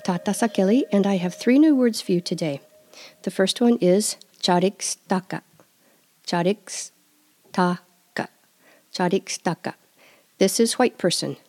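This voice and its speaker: A woman hosting a language lesson podcast, repeating words slowly and carefully for listeners to follow. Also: mid-range voice, expressive, mellow. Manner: slow careful repetition of words. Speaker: language teacher and podcast host.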